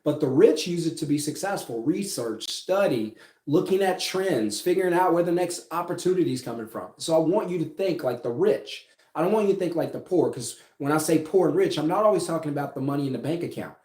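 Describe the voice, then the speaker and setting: A man's voice: a little high, animated, a little fast, warm tone. A man giving an emphatic motivational business talk, firing rhetorical questions and tagging lines with "right?". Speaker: business coach. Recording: echoey room.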